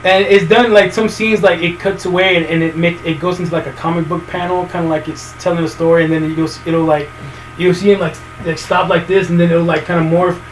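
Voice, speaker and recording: A man hosting a casual podcast, rambling and swearing as he retells movie scenes and acts out characters in quick funny voices. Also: fairly high pitch, fairly even intonation. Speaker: podcast host. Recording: distant mic with faint room noise.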